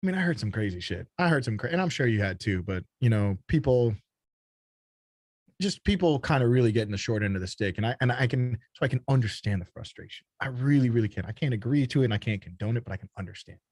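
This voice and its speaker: Animated, blunt-talking man from Texas. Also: mid-range voice, quick pace, no echo. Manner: animated, blunt, swears freely. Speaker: guest, startup founder. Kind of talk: casual podcast conversation.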